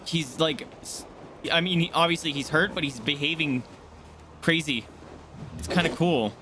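A man streaming a game and commenting live, excitable, yelping and swearing as he plays. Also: on the high side, normal speed, noisy background. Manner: excitable, yelps and swears mid-fight. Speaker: gaming streamer.

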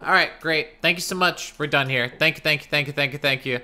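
Male let's-play streamer, frustrated, dry sarcasm, higher voice, game noise underneath. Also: a little fast. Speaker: gaming streamer.

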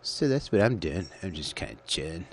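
A man's voice: deep voice, big pitch swings, brisk, a little hiss or hum. A man hosting his own show, rambling through a crude, profane, absurd monologue into a computer call setup. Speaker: solo show host.

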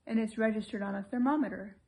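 A woman reading aloud as a fussy old English lord, complaining and plaintive, in a fairly high voice. The grumbling comes in storybook narration without much change from her own tone. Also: fast, vocal fry, a little mellow.

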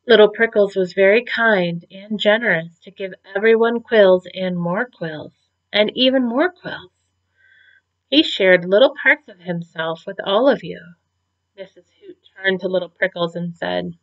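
A woman teacher reads a storybook aloud to young children with an expressive, gentle delivery. Her voice sits at a middle pitch. The recording is muffled and lo-fi. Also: a little slow. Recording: dull lo-fi recording.

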